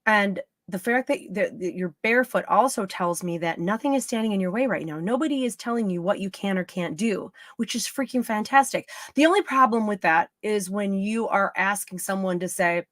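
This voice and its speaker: A woman's voice: mid-range voice, normal speed, few pauses, fairly bright tone, dry recording, studio quality. A middle-aged woman giving psychic readings on a live stream, chatty and playful, often drifting off topic. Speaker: psychic medium.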